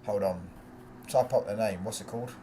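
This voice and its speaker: A man's voice: on the low side, fairly quick, warm tone, slight background noise. A young man hosting a live football watchalong stream, chatting in casual slangy banter and reacting to the match and viewers' messages.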